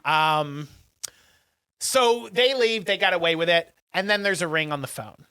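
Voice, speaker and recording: A man co-hosting a casual podcast, excitedly recapping a movie and acting out the characters' lines. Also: a little high, a little slow, clean tone, no room sound. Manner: animated retelling, acting out film characters' lines. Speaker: podcast co-host. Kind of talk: casual chat.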